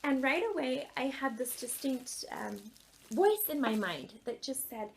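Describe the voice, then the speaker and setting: A woman in her thirties tells a personal story with earnest warmth and lively energy. Her voice sits high, and she laughs easily as she talks. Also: a little slow, vocal fry, slight background noise. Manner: earnest, animated, laughs often. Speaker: author and life coach.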